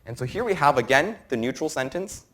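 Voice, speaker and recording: A young man in his twenties presenting an academic lecture to a room, explaining research in a quick, informal way. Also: a little high, expressive, a bit bright. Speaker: medical student presenter.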